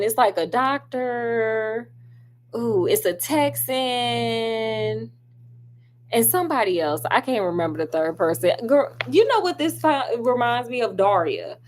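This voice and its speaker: Sassy, chatty woman with a high voice. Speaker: film reviewer. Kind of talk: casual chat.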